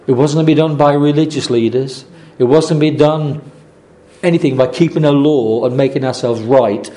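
Casting: male preacher, earnest sermon delivery, warm mellow tone, halting restarts. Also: medium pitch. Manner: earnest, repeating phrases, many restarts.

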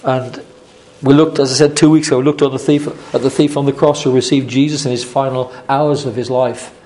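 Earnest male preacher, mellow voice. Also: mid-range voice, fairly even intonation, fairly quick. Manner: earnest, repeating phrases, many restarts. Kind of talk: sermon.

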